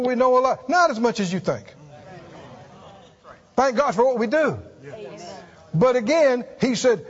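A high-voiced man preaching a sermon, earnest and emphatic, who repeats himself and reaches up in pitch to drive points home. The recording is dull and muffled, with a long echo trailing through a large hall. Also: animated, measured pace, long pauses. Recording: dull sound in a reverberant hall.

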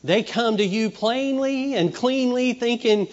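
A man's voice: very high-pitched, unhurried, hardly any pauses. A middle-aged man preaching a sermon in a conversational way, acting out children's voices. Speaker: pastor. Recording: dull reverberant hall recording.

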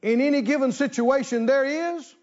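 A man preaching a sermon as the pastor, with animated call-and-response delivery. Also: very high voice, normal speed, highs cut off.

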